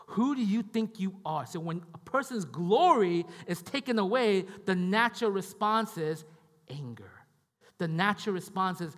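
Male pastor, casual sermon, animated pitch, reverberant hall. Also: moderate pace. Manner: conversational, repeats himself, keeps checking in with "right?" and "okay?".

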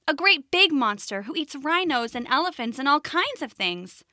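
A woman voicing an anxious little female rabbit in a storybook, talking in a high, worried way. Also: very animated, moderate pace, bright, forceful tone, no echo, studio quality, exaggerated voice.

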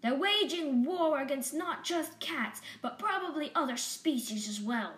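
A woman voicing a determined female cat leader who speaks in a resolute, measured way. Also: high voice, lively intonation, fairly bright tone, roomy sound, pitched above the performer's own voice.

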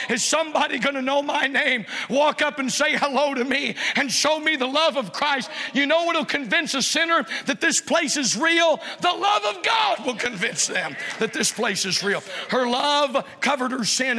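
A man pastor preaching a sermon in a church, impassioned and at times shouting. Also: extremely high pitch, in a large hall. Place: church sanctuary.

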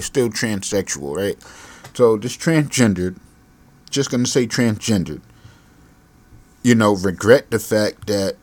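Exasperated, profane man on a lively rant. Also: fairly low pitch, no room sound. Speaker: podcast host; parent. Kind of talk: solo podcast rant.

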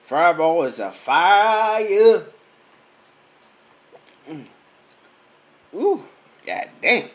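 Casual profane man from Memphis, high and lively pitch, drinking as he tells his story. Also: drawn-out words, long pauses. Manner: profane, animated storytelling with acted-out dialogue. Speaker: vlogger.

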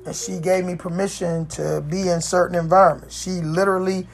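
A woman telling a reflective personal story in a rambling way, often pausing on "you know" and restarting her sentences. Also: lowish voice, little pitch movement, soft background music. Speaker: speaker sharing life story.

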